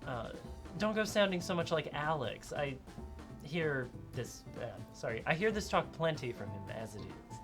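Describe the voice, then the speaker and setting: A woman's voice: deep voice, big pitch swings, moderate pace, over music. A woman playing a tabletop role-play game, easygoing and joking in casual chat. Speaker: player.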